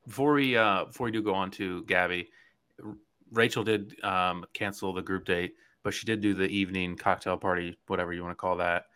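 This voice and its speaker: Bright-voiced teasing young man. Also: deep voice, steady tone, fairly quick, clear, resonant tone. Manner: playful, teasing. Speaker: podcast co-host. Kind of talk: casual reality TV recap chat.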